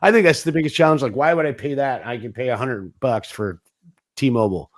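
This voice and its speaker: A man's voice: medium pitch, a little fast. A man speaking as a guest in a casual interview, rambling and telling stories with acted-out quotes. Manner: rambling, anecdotal, acts out quoted dialogue; frequent restarts and fillers. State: coughing at times. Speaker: guest, 5G business internet provider.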